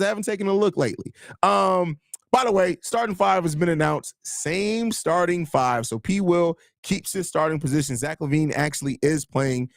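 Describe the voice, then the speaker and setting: A man's voice: a little high, normal speed, vocal fry, dry recording, studio quality. A man hosting a live sports stream, reading chat comments and arguing his points in casual commentary. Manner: reads and answers chat comments, argues points with restarts. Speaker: host of a live sports show.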